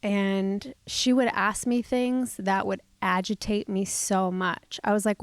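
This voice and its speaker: A woman hosting a podcast who tells a personal story openly and reflectively. Her delivery moves between soft, hushed passages and emphatic ones. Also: mid-range voice, fairly even intonation, a little slow, hardly any pauses, clean tone, no echo.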